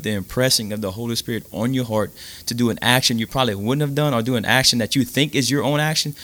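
Casting note: male podcast guest, mid-pitch, animated storyteller who stumbles and restarts. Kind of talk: casual storytelling.

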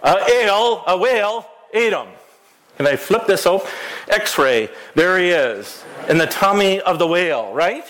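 A playful pastor leading a children's story time in a church, his voice pitched a touch high as he coaches the kids through acting out each scene. he gives quick directions and asks them questions. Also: lively intonation, a bit bright, rough recording. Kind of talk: children's sermon, interactive storytelling. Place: church sanctuary.

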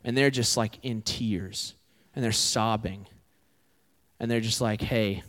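A man's voice: fairly low pitch, fairly even intonation, measured pace, fairly bright tone. Young man preaching in a reverberant hall. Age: 20s. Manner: conversational, asks the audience questions. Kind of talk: sermon.

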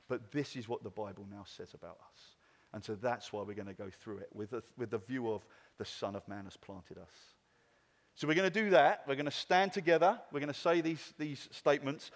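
A man preaching a sermon as pastor, then leading the congregation through a slow, measured recitation. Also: on the high side. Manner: earnest, leads a slow, paced group recitation. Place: church hall. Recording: long reverb of a church hall.

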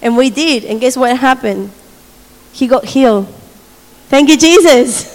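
A woman telling a faith story in a sermon, animated, laughing often and acting out what people said. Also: sits high, normal speed. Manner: animated storytelling with frequent laughter and acted quotes. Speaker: speaker sharing a testimony. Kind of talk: testimony sermon. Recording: long reverb of a large hall.

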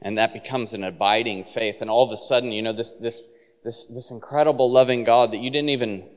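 Animated male preacher in a reverberant hall. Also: medium pitch, brisk. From San Francisco. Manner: animated, laughing storyteller acting out quotes. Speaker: pastor. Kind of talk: sermon storytelling. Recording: long reverb of a large hall.

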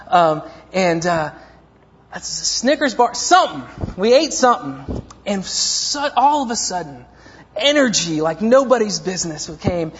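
A man in his thirties preaching a sermon, telling a story with humorous, self-mocking asides. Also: high-pitched. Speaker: pastor. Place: church sanctuary. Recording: echoey dull lo-fi church recording.

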